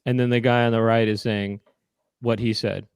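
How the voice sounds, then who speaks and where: A young adult man co-hosting a casual comedic chat, laid-back and deadpan in his mock voices. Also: medium pitch, moderate pace, clear, resonant tone, no echo. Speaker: co-host.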